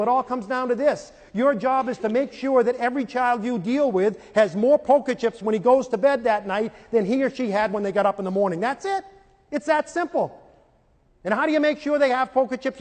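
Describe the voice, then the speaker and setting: High-voiced man lecturing in a reverberant hall. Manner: animated storytelling, acting out scenes in character. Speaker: speaker on parenting and teaching. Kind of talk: live lecture to an audience.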